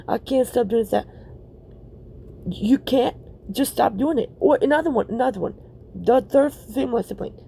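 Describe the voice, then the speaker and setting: A woman's voice: on the high side, gravelly, mellow, slight background noise. A woman hosting a reaction video, ranting bluntly and profanely and repeating herself for emphasis.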